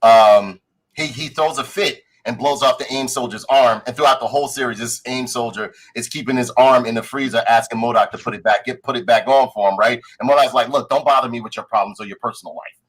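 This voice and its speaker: Male podcast co-host, mid pitch, animated storyteller who acts out lines and swears casually. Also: brisk, low-quality recording. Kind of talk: casual chat reviewing a show.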